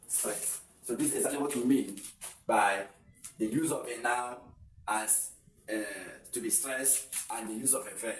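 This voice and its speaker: A man teaches an English exam-prep lesson, repeating words to show where the stress falls and adding example sentences. He sounds a little distant from the mic in an echoey room. A faint noise sits underneath. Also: medium pitch.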